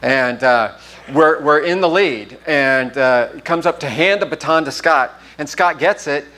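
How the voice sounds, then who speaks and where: In a church sanctuary, a pastor with a higher-pitched voice preaches a sermon at a slightly slow pace. He tells a personal story with animation, acting out its dialogue.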